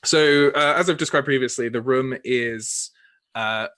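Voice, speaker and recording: A man narrating as game master of a tabletop game, halting, with many fillers and restarts. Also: mid-range voice, a bit bright, no echo.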